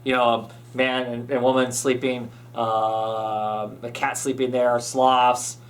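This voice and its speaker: A man's voice: mid-range voice, flat delivery, slow pace. A man hosting a podcast, chatting casually as he recaps a comic, full of fillers and restarts. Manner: rambling, many fillers and restarts. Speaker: podcast host.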